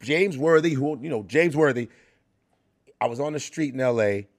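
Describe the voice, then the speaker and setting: A man's voice: medium pitch, moderate pace. A man telling stories in a casual interview, laughing often and jumping into impressions of other voices. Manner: animated storyteller slipping into celebrity impressions, laughing often. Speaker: comedian guest.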